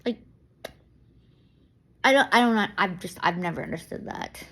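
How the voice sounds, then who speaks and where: A young woman talking casually to camera in a vlog, rambling and excitable, laughing often and restarting her sentences. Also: mid-range voice, takes it slowly, gravelly, long pauses. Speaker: vlogger. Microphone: camera mic.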